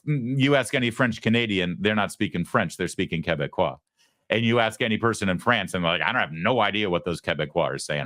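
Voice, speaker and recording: A man's voice: on the low side, fairly bright tone, no echo, studio quality. A man hosting a show, giving opinionated political commentary with frequent stammered restarts. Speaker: host.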